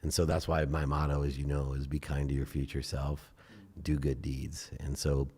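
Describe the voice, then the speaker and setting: A middle-aged man with a very low voice speaks as an interview guest. He is animated and blunt, swears now and then, and jumps into acted-out inner dialogue. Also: normal speed, slightly rough. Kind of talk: casual interview talk.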